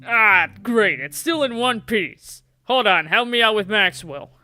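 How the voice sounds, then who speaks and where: A man doing a chipper middle-aged fishing dad, odd accent, bright higher voice, game voice. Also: lively intonation, a little slow, soft background music, exaggerated voice. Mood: upbeat. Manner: folksy and upbeat.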